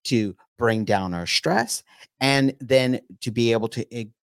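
A man co-hosting a faith show, speaking casually with his wife in a halting way, often checking in with "right?". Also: mid-range voice, vocal fry, no echo, clean studio sound. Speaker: co-host of a faith teaching show.

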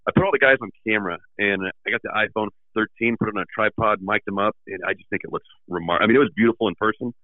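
A man's voice: lowish voice, racing, hardly any pauses, no room sound. A man guest on a casual podcast, telling stories and acting out the people he quotes. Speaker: magazine editor and podcast guest. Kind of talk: casual storytelling chat. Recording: tinny phone-like sound.

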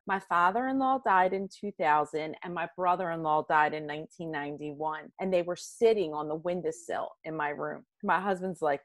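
A woman in her fifties, a podcast guest, telling a personal story in a lively way and acting out quoted lines. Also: low-pitched, moderate pace, few pauses, no echo. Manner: animated, acts out quoted lines.

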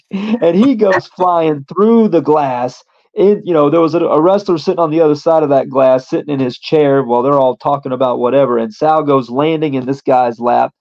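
A man's voice: mid-range voice, a little mellow. Guy rambling thru a story on a podcast, lots of ums, kinda muffled audio. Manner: rambling, filler-heavy storytelling. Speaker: guest, pro wrestler. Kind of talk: casual anecdote storytelling.

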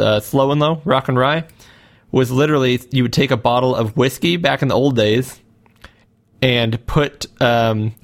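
A man hosting a casual podcast, talking in a rambling, joking way with lots of fillers. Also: medium pitch. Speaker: podcast host. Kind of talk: casual chat.

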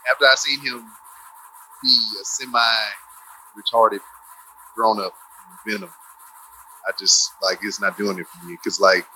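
A man chatting casually about movies, swearing freely and telling animated stories. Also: fairly low pitch, unhurried, long pauses, a little hiss or hum, poor audio. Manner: profane, animated, laughing storyteller. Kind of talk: casual chat.

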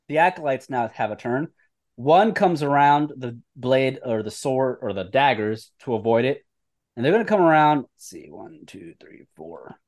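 A man running a tabletop game as game master, calling rolls and describing the action. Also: medium pitch. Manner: brisk rules narration.

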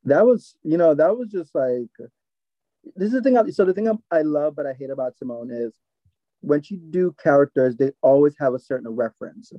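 A man's voice: fairly high pitch, expressive, brisk, dry recording, highs cut off. A man co-hosting a podcast, rambling through his opinions and acting out quoted moments. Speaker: podcast co-host. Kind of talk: casual recap chat.

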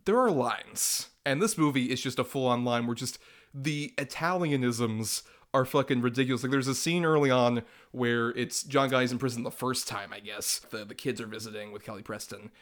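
A man's voice: medium pitch, normal speed, a bit bright. Rambling, profane man reviewing a movie. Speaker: podcast co-host. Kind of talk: casual movie review chat.

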